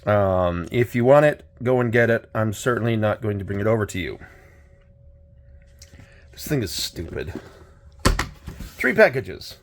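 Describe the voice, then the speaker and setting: A middle-aged man hosting a casual unboxing chat, his voice a little hoarse, talking in a rambling, hesitant way with many restarts. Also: fairly low pitch, sing-song, unhurried, long pauses. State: slightly hoarse. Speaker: channel host.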